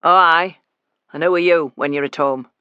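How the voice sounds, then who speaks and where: Man doing a gruff working man, blunt and short, audiobook, dry recording. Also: fairly high pitch, steady tone, normal speed, no echo, lo-fi sound, lightly acted. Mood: curt. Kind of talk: audiobook character voice.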